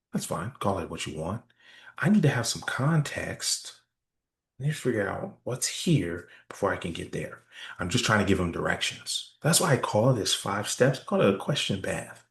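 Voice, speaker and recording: A man giving a sales training talk, acting out customer conversations in quick quoted bits and checking in with "right?" as he goes. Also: medium pitch, reverberant. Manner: energetic, role-plays customer dialogue with frequent "right?" check-ins.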